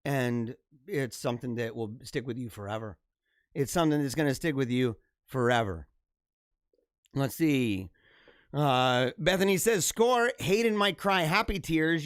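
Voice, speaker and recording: A man's voice: medium pitch, unhurried, dry recording, studio quality. A man in his thirties hosting a live stream, reading viewer comments in fervent, slangy casual talk with lots of emphatic repetition.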